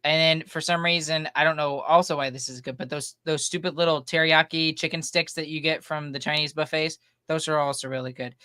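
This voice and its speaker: Smooth, bright male podcast co-host. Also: fairly high pitch, steady tone, dry recording, clean studio sound. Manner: laughs easily, halting restarts. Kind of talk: casual chat.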